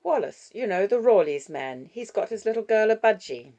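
Woman doing a brisk, self-absorbed grandmother for an audiobook; animated intonation, gravelly edge. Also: medium pitch, voice pushed up, natural voice. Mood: chatty.

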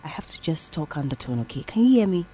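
A woman playing a hushed, pleading young wife. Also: deep voice, big pitch swings, fast talker, breathy edge, heavily acted. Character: frightened young wife begging for a cover story. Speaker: radio prank caller. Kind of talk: prank call role-play.

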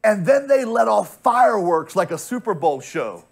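Emphatic American pastor with a raised voice. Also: male voice, sits high, very animated, normal speed, creaky. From United States. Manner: emphatic storytelling, repeats words when pressing a point. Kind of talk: sermon.

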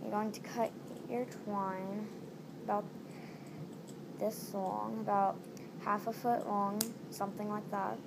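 A woman's voice: medium pitch, flat delivery, slow pace, gravelly, pauses often. A woman talking casually through a step-by-step craft tutorial at home, repeating each step as she goes. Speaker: DIY tutorial maker. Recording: noisy home recording.

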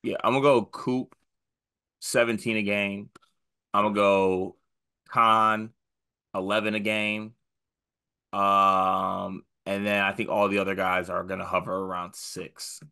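A man with a low voice and a bright, forceful edge chats about basketball in a relaxed way. He drops joking self-digs between his picks. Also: measured pace, creaky, long pauses, clean tone. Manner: laid-back, joking self-mockery. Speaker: podcast co-host. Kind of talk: casual sports talk.

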